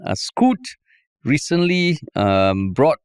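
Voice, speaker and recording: A man's voice: fairly high pitch, very animated, takes it slowly, clear, resonant tone, no echo, clean studio sound. A Singaporean man co-hosting a podcast, telling stories in a casual, wry way with a Singaporean English accent. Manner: wry, laid-back, says "lah" and "man". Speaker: podcast co-host. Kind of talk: casual chat.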